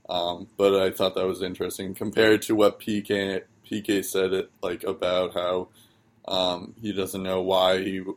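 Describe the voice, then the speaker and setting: Low-voiced man chatting loosely. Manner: loose and chatty, lots of ums and likes. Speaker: hockey podcast co-host. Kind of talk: casual chat.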